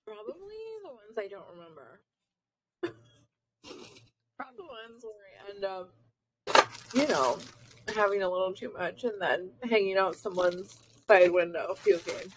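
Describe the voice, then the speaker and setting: A young woman trades playful, teasing remarks as a podcast co-host. Her voice sits at an ordinary middle pitch in relaxed casual chat. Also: unhurried, long pauses, slight background noise, rough recording.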